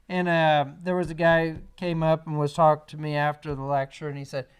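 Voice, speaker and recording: A man giving a creation science lecture in a church, animated and sarcastic in his asides. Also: high voice, smooth. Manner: animated, sarcastic asides, mocking quoted voices. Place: church sanctuary.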